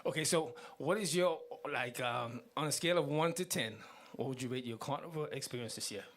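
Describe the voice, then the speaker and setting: Quick-talking male co-host, playful and full of questions. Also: mid-range voice, fairly bright tone. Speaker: radio co-host. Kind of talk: casual radio chat.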